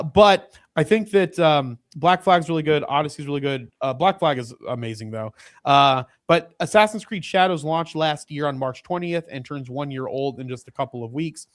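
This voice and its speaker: Rambling, high-voiced male podcast host. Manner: rambling, many restarts and asides. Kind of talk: casual livestream chat.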